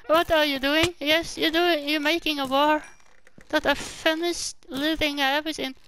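A woman's voice: high voice, little pitch movement, normal speed, a bit bright, slight background noise. A woman hosting casual gameplay commentary, chatty and exclaiming, talking back to the characters on her screen. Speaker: gaming channel host.

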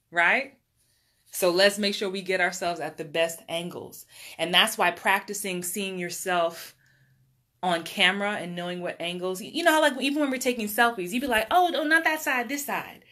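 A middle-aged acting coach talks casually and warmly on a livestream, reading out viewer comments and laughing often. Her voice is bright and forceful, set at an ordinary middle pitch. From New York.

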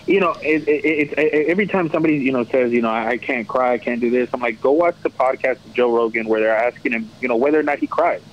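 A man's voice: medium pitch, fast talker, few pauses. A man in his twenties, a podcast guest, telling a rambling story and quoting himself as he goes. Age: 20s. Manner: rambling, quotes himself with "I was like". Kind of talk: casual storytelling. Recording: dull lo-fi sound with faint noise.

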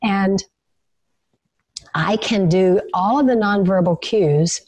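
A woman guest in an interview, explaining calmly and warmly agreeing with her host. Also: medium pitch, slow pace, no echo. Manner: calm, explanatory, with many affirming interjections. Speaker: guest expert on leadership and the nervous system. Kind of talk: conversational interview over video call.

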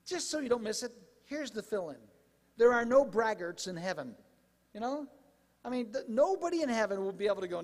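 A man preaching a sermon as pastor, animated and conversational, with asides to the congregation. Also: high-pitched, fairly quick, long reverb tail. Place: church sanctuary.

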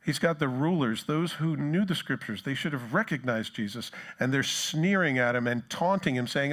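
A man's voice: medium pitch, animated, normal speed, hardly any pauses, fairly bright tone. A male pastor giving a conversational sermon, now and then acting out the taunts of a crowd in a voice of his own. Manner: conversational preaching, acts out mocking voices of the crowd.

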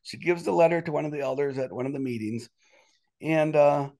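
A man telling a personal story as an interview guest in a casual, rambling way, with sudden indignant rises in his voice. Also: vocal fry. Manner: animated, quick jumps in pitch when indignant; rambling with many restarts and "you know".

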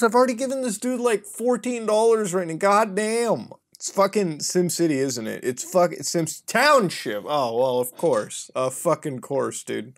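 A male gaming host talking through mobile games in a loose, unscripted way. His pitch swings widely as he jumps between mocking asides and loud outbursts, swearing freely and laughing often. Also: unhurried, hardly any pauses. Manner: profane, excitable, often laughing. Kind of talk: casual gaming commentary.

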